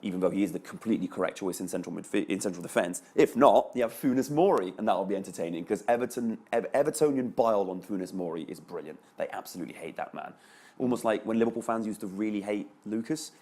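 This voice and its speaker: A man's voice: fairly low pitch, fast, dark tone. A man, a panelist chatting analytically on a sports show. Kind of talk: panel discussion.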